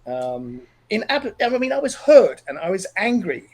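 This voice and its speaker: Earnest man, slightly high voice. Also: big pitch swings, a little mellow, poor audio. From Australia. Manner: earnest, emotional, halting with restarts. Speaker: podcast guest. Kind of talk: personal storytelling in conversation.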